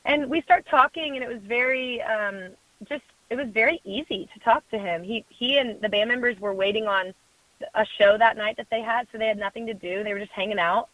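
A woman's voice: fairly high pitch, a little fast, no room sound. Young woman storytelling over a phone-thin line. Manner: animated storyteller who acts out quoted voices and laughs often. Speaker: guest. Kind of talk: storytelling in a conversational interview. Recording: phone-like dry sound.

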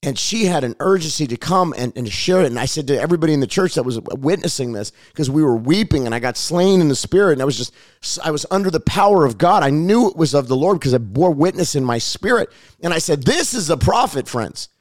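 Hoarse middle-aged pastor, fervent and repetitive, slightly high voice, very dry sound. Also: male voice, expressive, quick pace, no room sound. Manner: fervent, repetitive, prays aloud. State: hoarse, raspy voice. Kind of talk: sermon and prayer.

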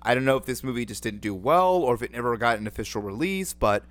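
A man's voice: mid-range voice, lively intonation, fast talker, fairly bright tone. A man from Los Angeles in his thirties co-hosting a casual movie-review podcast, playful and teasing as he runs the segments. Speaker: podcast co-host.

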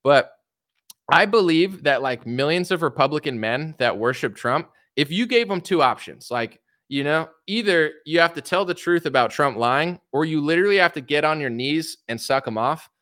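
A young man talking fast and sarcastically as he rants, his somewhat high voice bright and bouncing up and down. The sound is dry and close, with no room around him. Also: no room sound. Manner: sarcastic, mocking, animated ranting. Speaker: political commentator. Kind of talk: opinionated commentary livestream.

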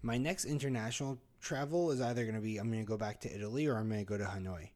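A man's voice: on the low side, very fast, darkish tone. A man co-hosting a podcast, chatting easily and walking through cocktail recipes step by step. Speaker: podcast co-host. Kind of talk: casual chat.

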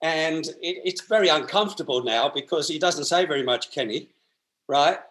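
A man's voice: on the high side, moderate pace, a bit bright. An Australian man, a podcast guest, telling long rambling stories in a chatty way with frequent laughs. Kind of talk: anecdotal storytelling.

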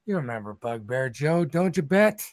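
A man's voice: mid-range voice, sing-song, normal speed, no echo. Guy running a tabletop game, chatty rambling narration, dead dry mic. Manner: rambling, conversational. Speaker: game master.

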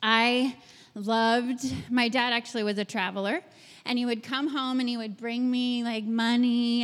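A woman in her thirties giving a lively personal testimony to a group, acting out quoted lines and laughing often. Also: fairly high pitch, in a large hall. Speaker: speaker sharing her testimony.

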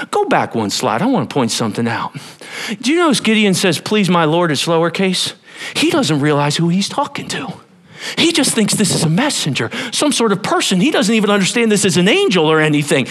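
A man preaching a sermon to a church congregation, animated and playful, talking straight to the people in front of him. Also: fairly high pitch, normal speed. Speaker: pastor.

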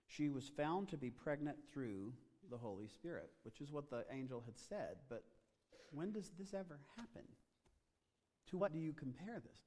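A man's voice: a little high, animated, normal speed. Man preaching in an echoing hall. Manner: dramatic, rising to loud emphatic passages. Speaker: pastor. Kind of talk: sermon. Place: church auditorium. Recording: long reverb of a large hall.

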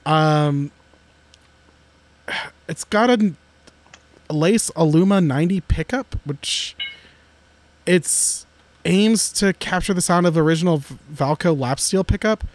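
A man co-hosting a podcast in casual chat, joking and excitable, talking in restless bursts. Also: fairly high pitch, slow, pauses often, no room sound. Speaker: podcast co-host.

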